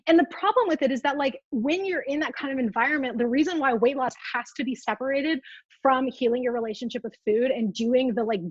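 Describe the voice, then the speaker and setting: A woman's voice: high voice, no room sound, dull audio. A young woman coach giving a casual live-streamed talk, full of "like" and asides to viewer comments. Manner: casual, filler-heavy, reacts to live comments. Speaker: food freedom coach. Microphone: earbuds.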